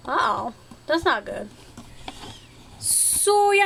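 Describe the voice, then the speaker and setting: Young woman, high-pitched, bright sharp tone, casual vlog, rambling, silly, self-mocking. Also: expressive, normal speed, a little hiss or hum. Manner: chatty, silly, self-deprecating, playful made-up words. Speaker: vlogger.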